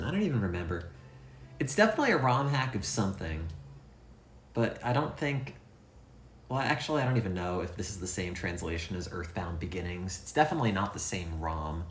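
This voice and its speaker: A man's voice: sits low, lively intonation, brisk, a little hiss or hum. A man streaming a game, rambling and thinking aloud with a self-deprecating, offhand manner. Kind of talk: casual let's-play commentary. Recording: echoey room sound.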